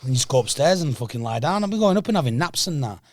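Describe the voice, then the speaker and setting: A man's voice: fairly high pitch, animated, racing. A Manchester man hosting a podcast, chatting casually, laid-back and sweary, laughing often, with Manchester slang. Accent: Manchester English. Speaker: podcast host. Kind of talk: casual banter. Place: small studio.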